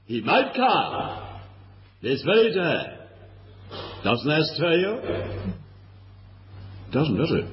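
A man's voice: on the high side, big pitch swings, drawn-out words, pauses often, slight background noise. A man preaching a sermon, earnest and pleading, asking his listeners question after question. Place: church hall. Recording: lo-fi recording in a reverberant hall.

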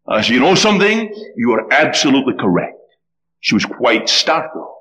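A male preacher delivering a sermon full of storytelling. His pitch swings widely as he builds each scene, rising and falling with the drama of the tale. Middle-pitched voice, lively and expressive. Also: normal speed.

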